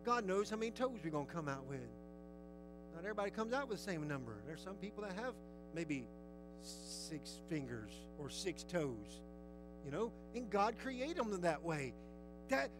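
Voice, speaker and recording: A man preaching a sermon, earnest and folksy, who slows down to read scripture aloud. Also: high-pitched, lively intonation, music in the background, low-quality recording. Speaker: pastor.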